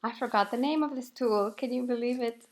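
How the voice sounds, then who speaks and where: A woman calmly narrating a voiceover for her crafting video, explaining each step with light laughs. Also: a little high, brisk, slight background noise. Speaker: craft channel host.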